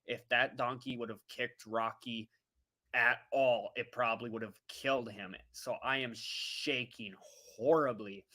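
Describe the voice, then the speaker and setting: A woman vlogger telling a travel story in a casual livestream, animated and laughing as she talks to her viewers. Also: very deep voice, unhurried.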